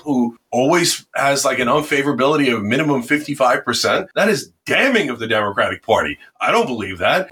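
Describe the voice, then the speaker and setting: A man talking as a podcast guest about politics, impassioned and combative, with a husky voice. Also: on the high side, bright, forceful tone. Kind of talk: animated political interview talk.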